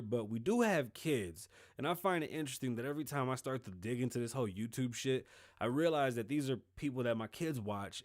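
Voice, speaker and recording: A middle-aged man hosting his own show, talking loose and sarcastic, with plenty of swearing and the dry mouth of someone who says he is high. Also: no echo. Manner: loose, rambling, profane and sarcastic. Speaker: show host. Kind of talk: casual political commentary.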